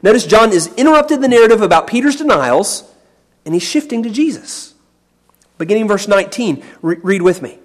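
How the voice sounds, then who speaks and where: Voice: mid-range voice, big pitch swings, fairly quick. A Bible teacher giving a sermon, explaining a passage with emphasis and often repeating words.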